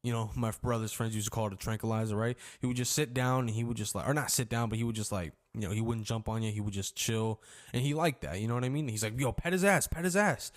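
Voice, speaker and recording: A young man casually telling a story from his own life as a vlogger, rambling and slangy, swearing freely and acting out shouts when he quotes people. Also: on the low side, fairly even intonation, fast. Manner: acts out shouts and screams when quoting.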